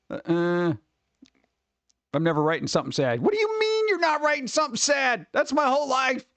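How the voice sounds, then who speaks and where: Rambling high-voiced middle-aged man. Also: sing-song, fairly quick, a bit bright, dry recording. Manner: rambling, loose, swears a lot, acts out quoted people; over-caffeinated. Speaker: streamer host. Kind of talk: casual rambling chat with viewers.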